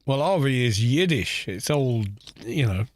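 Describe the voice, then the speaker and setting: A man's voice: mid-range voice, expressive, measured pace, slight background noise. A British man in his forties, chatting casually and rambling while he streams a game. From Britain. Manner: rambling, musing, with frequent restarts. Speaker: gaming streamer. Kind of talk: casual chat while gaming.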